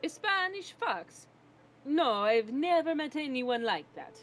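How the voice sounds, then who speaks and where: A woman voicing a vain, touchy male photographer from a game with a put-on Italian accent and a lively, indignant delivery. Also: high voice, takes it slowly, soft background music, heavily acted. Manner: indignant and boastful. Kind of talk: reading a game aloud on stream.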